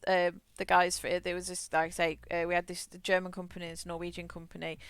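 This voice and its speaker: A woman's voice: on the low side, monotone, quick pace, fairly bright tone, clean tone, no room sound. A woman streamer chatting casually while gaming, self-deprecating and laughing often, with frequent restarts. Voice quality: had a childhood stutter, frequent restarts.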